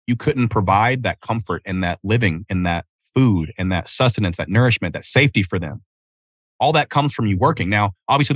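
A man in his thirties from Tennessee, hosting a casual solo podcast outdoors, telling animated, profane stories. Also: on the low side, no echo. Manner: animated storytelling with cursing and self-interruptions. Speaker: podcast host.

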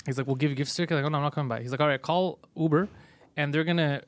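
Guy hosting a podcast, talks fast and a bit high, swears constantly, dry sound. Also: dry recording. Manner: swearing, animated storytelling. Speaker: podcast host. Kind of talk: casual comedy podcast chat.

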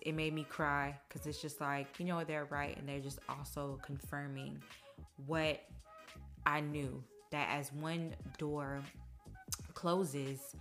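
A young woman with a low voice talks through a personal update on her podcast, chatty and open. She slips into lively voices when she repeats what friends and family said. Soft music plays faintly underneath. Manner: chatty, emotional, quotes others in animated voices. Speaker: podcast host. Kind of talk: casual personal monologue.

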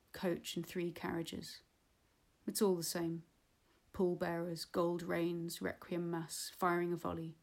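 A woman reading a literary novel aloud in a measured, unhurried way. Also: fairly low pitch, creaky, a little mellow. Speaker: audiobook reader. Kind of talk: literary audiobook narration.

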